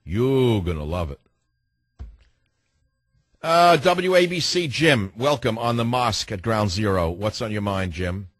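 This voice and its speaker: A man's voice: mid-range voice, normal speed, few pauses, a bit bright, no room sound. A man hosting a talk radio show, sarcastic and wisecracking, from New York. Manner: sardonic, wisecracking.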